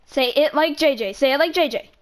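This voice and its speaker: A woman with a high voice chats over a game. She teases and bosses, and she repeats her commands over and over. She sounds playful but stubborn. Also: brisk. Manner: teasing, bossy, repeats commands. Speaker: game chat player trolling a friend. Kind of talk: casual gaming voice chat.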